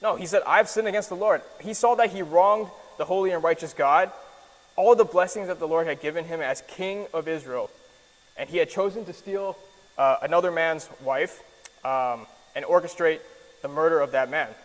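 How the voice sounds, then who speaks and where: Higher-voiced man preaching in a reverberant hall. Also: normal speed. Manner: casual and earnest, many fillers and restarts. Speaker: preacher teaching a Bible lesson. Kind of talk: conversational sermon with slides.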